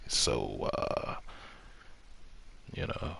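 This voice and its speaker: A man's voice: sits low, animated, measured pace, gravelly, fairly bright tone. A man streaming a game, telling rambling stories in casual, profane chat.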